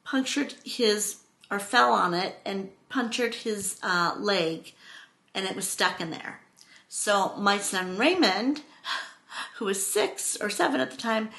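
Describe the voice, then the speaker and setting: A middle-aged woman vlogging, telling a personal story in a rambling, expressive way. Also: medium pitch. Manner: rambling, expressive, acts out quotes with exclamations.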